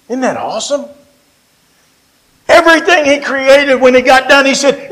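A man with a West Virginian accent delivers a sermon in a strikingly high voice. His delivery is folksy and emphatic, and he slows down to lean on the key phrases. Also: expressive, a bit bright, low-quality recording. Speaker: preacher.

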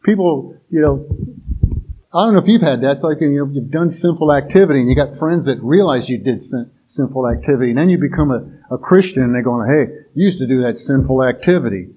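Husky man preaching casually. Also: medium pitch, a little fast, highs cut off. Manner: conversational, restarts often, uses filler phrases. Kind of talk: informal sermon.

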